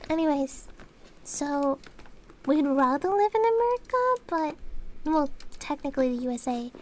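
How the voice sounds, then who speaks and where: A woman's voice: sits high, expressive, moderate pace, a little mellow. A woman with an Australian accent, co-hosting a casual chat in a rambling, chatty way full of fillers. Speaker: game dev channel co-host.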